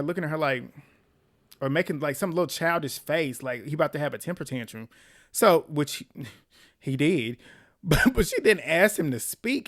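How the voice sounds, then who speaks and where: Blunt, exasperated man recapping reality TV. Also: on the high side. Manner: blunt, exasperated, profane, laughs often. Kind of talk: casual recap commentary.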